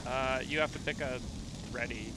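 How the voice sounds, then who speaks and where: A man's voice: medium pitch, fairly even intonation, normal speed, very noisy. A man hosting a casual gaming session with friends, chatting and joking as he plays. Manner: joking and playful. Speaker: host and player. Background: game music.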